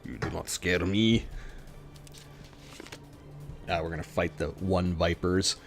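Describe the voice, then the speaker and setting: A man giving playful live commentary while playing a retro role-playing game, muttering asides to himself and sometimes dropping to a hush. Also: low voice, steady tone, slow, faint music behind. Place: home streaming setup.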